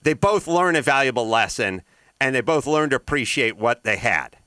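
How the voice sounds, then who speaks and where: A man's voice: mid-range voice, expressive, moderate pace, sharp tone, no echo, clean studio sound. A man hosting a casual comedy podcast chat, talking animatedly and slipping into silly character voices. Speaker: host.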